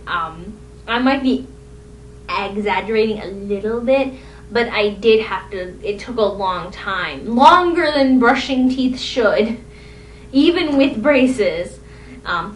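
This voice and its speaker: A young woman telling rambling, self-deprecating stories from her own life in a casual vlog. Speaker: vlogger. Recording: echoey room, distant mic, faint rumble.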